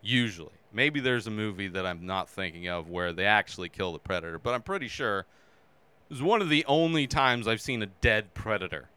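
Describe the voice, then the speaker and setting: Animated male movie-review host. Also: on the low side, fairly quick, clean tone, no echo. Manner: animated, acts out his own reactions with sudden shouts. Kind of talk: casual spoken movie review.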